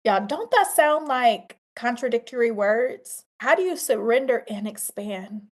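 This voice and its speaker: A woman's voice: on the high side, animated, unhurried. Emphatic woman giving faith testimony. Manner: emphatic, repeats phrases like a preacher; talks straight to listeners, addressing them as y'all. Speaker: podcast host. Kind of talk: faith testimony podcast monologue.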